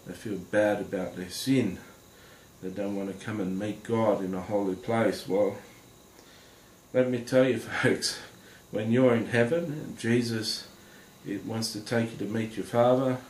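A man giving a personal testimony to viewers, speaking in a halting, earnest way with many pauses and fillers. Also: on the low side, a little mellow. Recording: roomy echo with faint background noise.

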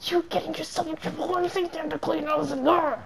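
A woman's voice: sits high, steady tone, a little fast, creaky, a loud crowd. A young woman chatting casually with friends while playing a game, playful and giggly, breaking into silly sing-song bits. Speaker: gamer streaming with friends.

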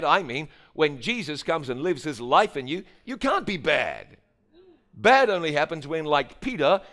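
A man with a New Zealand accent telling his testimony in a humorous, storytelling sermon. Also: fairly high pitch. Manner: animated, humorous, acts out dialogue. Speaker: preacher giving a testimony.

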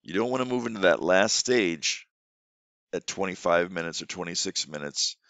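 A man's voice: low-pitched, lively intonation, normal speed, fairly bright tone, dry recording. A man, an online English teacher, explaining classroom tips in a casual way with frequent restarts. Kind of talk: instructional teaching tips video.

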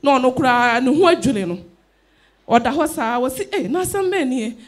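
Female church member, high voice, animated testimony. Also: moderate pace. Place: church service.

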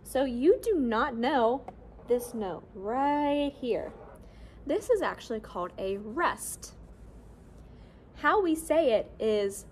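Young woman, kids' music teacher, unhurried and upbeat, slow deliberate pace. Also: high voice, animated, darkish tone, slight background noise. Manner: cheerful, slow and clear, repeats rhythm syllables for kids to echo. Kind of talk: classroom lesson video for children.

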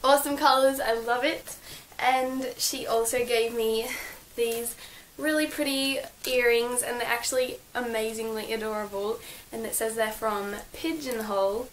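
Young woman, slightly high voice, gushy and chatty, lots of likes and ums, bedroom cam with faint hiss. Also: steady tone, unhurried, hardly any pauses, rough recording. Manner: gushing, chatty, many fillers and likes. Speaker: vlogger. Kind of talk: casual birthday haul vlog. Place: her bedroom.

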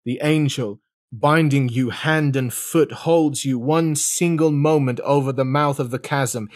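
A man's voice: medium pitch, measured pace, dry recording. Man reading a fire and brimstone sermon, solemn, dry close sound. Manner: solemn, dramatic, shifting pace. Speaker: sermon reader.

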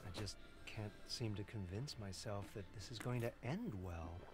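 An actor voicing Cassidy, an anxious young man in a mystery game, speaking in a hushed, nervous way. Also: fairly low pitch, expressive, normal speed, lightly acted. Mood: worried. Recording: game audio under music.

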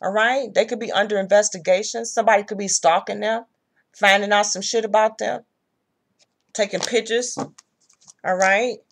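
A woman's voice: mid-range voice, steady tone, moderate pace, long pauses, a little hiss or hum. Blunt, profane woman tarot reader. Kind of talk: casual tarot reading.

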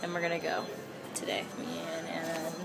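A young woman chatting excitedly in a casual travel vlog, filmed on a handheld camera outdoors in busy city streets. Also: deep voice, fast talker, gravelly, over loud music. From United States. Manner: excitable, gushing, giggly fan chatter. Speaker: travel vlogger. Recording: loud outdoor crowd and street noise.

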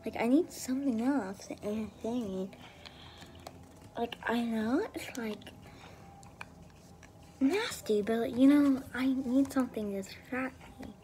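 Brief: teen girl vlogger with a higher voice, mellow tone, rambling and jittery, slips into whispers. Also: a little slow, long pauses, a little hiss or hum. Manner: rambling, excitable and anxious, often dropping to a whisper. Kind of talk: casual vlog chat.

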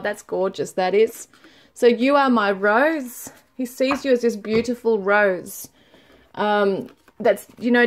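A woman giving a casual tarot reading to viewers, chatty and laughing often, reading card messages aloud slowly. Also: a little high. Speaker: tarot reader.

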